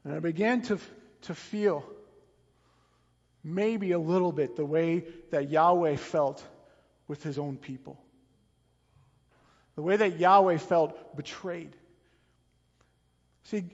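A man preaching a sermon, telling the story dramatically and often repeating words as he goes. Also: high voice. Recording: long reverb, dull lo-fi sound.

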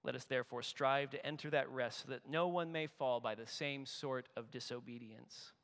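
A man preaching a sermon as a pastor, animated and storytelling, building intensity as he voices scripture. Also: medium pitch, normal speed. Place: church sanctuary. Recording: echoey hall with long reverb.

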